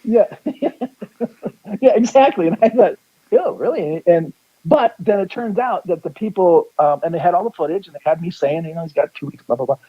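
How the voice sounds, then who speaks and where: A man's voice: high-pitched, normal speed, slightly rough, highs cut off. A man guesting as a psychic on a radio show, telling a rambling story and acting out the lines of the people in it. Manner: rambling, restarts sentences, acts out quotes.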